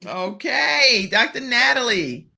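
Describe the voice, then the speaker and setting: Woman, talk show host, crisp bright voice, chatty, animated, talks straight to viewers. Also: on the high side, slow. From Virginia, US. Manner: chatty and animated, addresses the audience directly. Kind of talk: upbeat virtual talk show hosting.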